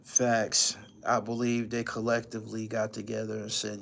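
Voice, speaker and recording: Guy with a gravelly voice ranting on his stream, cussing a lot and saying stuff twice to hammer it home. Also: lowish voice, completely flat delivery, normal speed, a bit bright, a little hiss or hum. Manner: profane, ranting, repeats lines for emphasis. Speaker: channel host. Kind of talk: livestream commentary.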